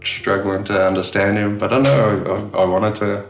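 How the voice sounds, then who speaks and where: A man's voice: fairly low pitch, level tone, normal speed. A middle-aged Australian man, a tattoo artist, chatting casually in an interview and rambling with lots of fillers and restarts. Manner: rambling, many "you know" fillers and restarts. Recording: echoey room.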